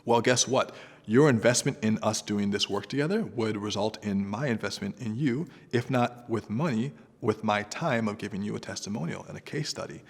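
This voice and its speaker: A man giving freelancing advice straight to the camera, talking in a direct, conversational way that turns animated. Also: lowish voice, normal speed, creaky, big-room sound. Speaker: entrepreneur guest giving advice.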